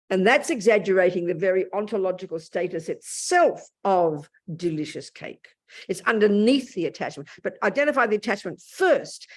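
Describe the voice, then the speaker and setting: An older woman teaching Buddhism to a live group with blunt, lively energy, her pitch sitting in a middle range. She calls her listeners darling and sweetheart as she talks them through the mind. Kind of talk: dharma talk.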